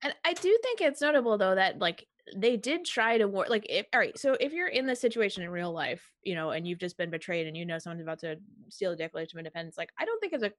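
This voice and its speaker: A woman's voice: mid-range voice, very animated, fast talker, few pauses, dry recording, studio quality. A woman co-hosting a casual movie podcast who talks chattily and steers the discussion. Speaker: podcast co-host.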